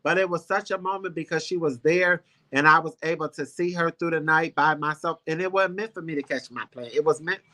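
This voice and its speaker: A man's voice: on the high side, fairly quick, hardly any pauses, sharp tone. A man hosting a casual talk show, telling a personal story in a heartfelt, rambling, emphatic way. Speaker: show host.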